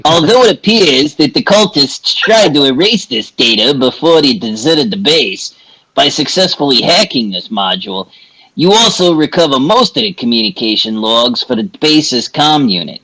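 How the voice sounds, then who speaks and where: A man's voice: mid-range voice, very animated, moderate pace, bright, forceful tone, slightly rough, poor audio. A man playing in a tabletop game, reading out game text and laughing often as he chats. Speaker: player. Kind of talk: casual tabletop game chat.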